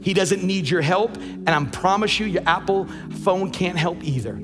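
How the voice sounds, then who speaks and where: A man's voice: high-pitched, normal speed, long reverb tail, over music. A man preaching a sermon as pastor, emphatic and repeating words as he builds his points.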